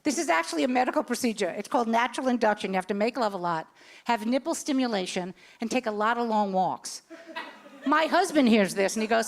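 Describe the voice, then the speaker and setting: A woman in her sixties performing stand-up on a club stage, telling her stories with lively, swooping delivery. Her voice sits high and jumps around a lot. The live recording carries plenty of background noise. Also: fast talker, vocal fry. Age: 60s. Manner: animated storytelling with voiced characters. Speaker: stand-up comedian. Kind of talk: stand-up comedy set.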